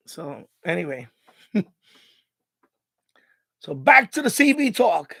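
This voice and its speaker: A man's voice: high voice, vocal fry, pushed and bright, slightly rough, no room sound. A middle-aged man hosting a live stream, telling stories in a rambling, casual way, laughing often and repeating himself. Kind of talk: casual storytelling monologue.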